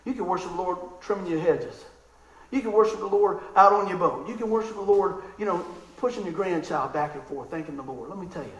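A man preaching a sermon in an animated, conversational way, telling stories and asking the crowd questions. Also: sits high, a little fast, echoey room, rough recording. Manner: animated, excitable storytelling.

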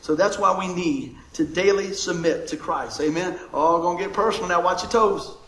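Older male pastor, high voice, joking sermon style, echoey hall. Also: normal speed. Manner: jokey, animated, laughs often. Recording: echoey room with faint noise.

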